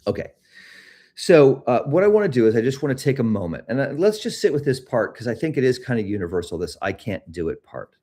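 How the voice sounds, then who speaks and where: A middle-aged man hosting a live self-help talk, speaking reflectively about fear and then gently guiding listeners through a body meditation. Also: medium pitch, very animated, fast. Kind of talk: casual talk leading a guided meditation.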